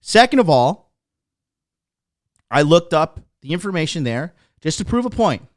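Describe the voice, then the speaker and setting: A man's voice: fairly high pitch, sing-song, unhurried, dry recording, clean studio sound. A man hosting a podcast, delivering a blunt, profane, mocking rant. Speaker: podcast host. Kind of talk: ranting monologue.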